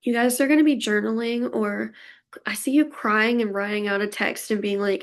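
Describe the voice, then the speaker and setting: A woman's voice: on the high side, fairly even intonation, a little fast, vocal fry. A woman giving a casual pick-a-card tarot reading, chatty and emotional, reassuring her viewers and laughing often. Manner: warm, reassuring tone toward viewers.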